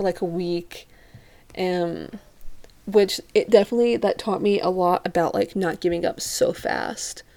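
A young European woman vlogs a casual story to the camera in a fairly low, creaky, warm voice. She's chatty, says "like" constantly, and acts out what other people said.

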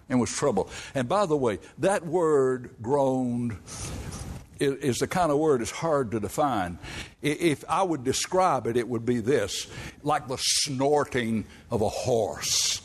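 An older man, a pastor, preaching a sermon with folksy storytelling and sudden high emphatic peaks. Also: animated, a little slow, a little hiss or hum.

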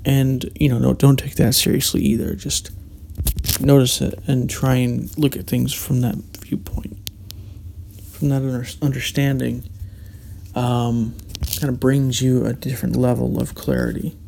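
A man's voice: medium pitch, flat delivery, unhurried, gravelly, warm tone. A man hosting a solo podcast, talking reflectively in a meandering way, with frequent restarts and hesitations. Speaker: podcast host.

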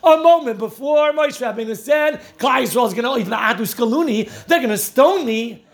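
Guy giving a torah talk, high voice w/ lots of gravel, really into the story, laughs a lot. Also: moderate pace. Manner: animated storytelling, laughing often, mixing Yiddish and Hebrew terms. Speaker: Torah teacher.

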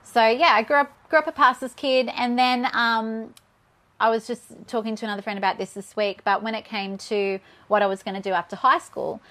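A woman's voice: on the high side, steady tone, fairly quick, a bit bright. An Australian woman in her thirties, a guest telling a personal story in an interview, candid and a little shaky with nerves.

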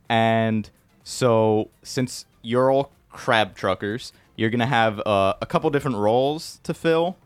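A man's voice: mid-range voice, no echo. Dry-voiced man running a tabletop game. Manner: casual and profane, explaining rules. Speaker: game master for the one-shot. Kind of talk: casual tabletop chat.

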